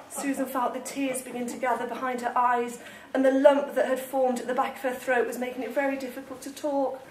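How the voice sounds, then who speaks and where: A woman author reading her comic novel aloud at a live salon, with lively, amused storytelling. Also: high-pitched, brisk, few pauses, a little hiss or hum. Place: literary salon with a live audience. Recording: echoey room, distant mic, audience laughter.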